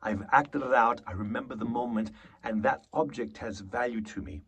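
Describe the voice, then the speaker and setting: A man's voice: medium pitch, normal speed, fairly bright tone, breathy edge. A man coaching actors, talking animatedly and acting out short example lines, swearing freely. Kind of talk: acting lesson to camera.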